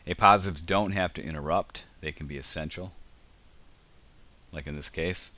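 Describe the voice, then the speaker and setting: A man's voice: low voice, moderate pace, pauses often, sharp tone. A man giving a casual grammar lecture over slides, explaining with examples and frequent ums. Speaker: teacher.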